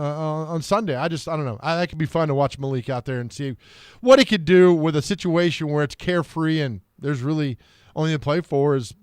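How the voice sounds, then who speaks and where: A man's voice: on the high side, clear, resonant tone, no room sound, studio quality. A man co-hosting sports talk radio, rambling and telling stories with many restarts.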